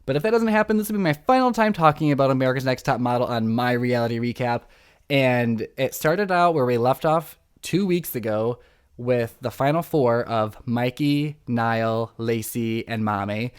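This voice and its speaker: An excitable young man hosts a casual podcast recap of reality TV. He talks fast and throws himself into the drama. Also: medium pitch, clean tone. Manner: excitable, dramatic, acts out quotes. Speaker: podcast host.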